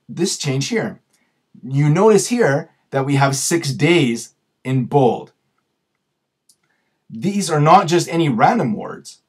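Husky man explaining patiently. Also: fairly high pitch. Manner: patient, explains with examples, slows down to stress words. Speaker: grammar and communications video host. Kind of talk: explanatory tutorial talk.

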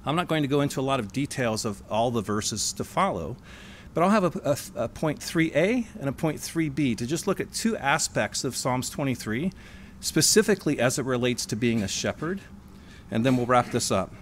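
A man giving a sermon in a church, stressing single words and slowing on key phrases. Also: medium pitch, lively intonation, slight background noise. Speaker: sermonette speaker. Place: church hall.

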